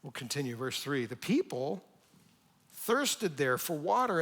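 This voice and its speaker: Animated pastor preaching a sermon. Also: male voice, fairly high pitch, moderate pace. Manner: conversational and animated, acting out quoted lines. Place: church sanctuary.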